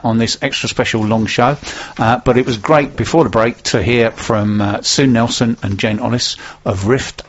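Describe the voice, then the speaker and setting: Man, radio host, husky, casual rambling chat, muffled lo-fi sound. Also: medium pitch. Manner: chatty, rambling, many fillers.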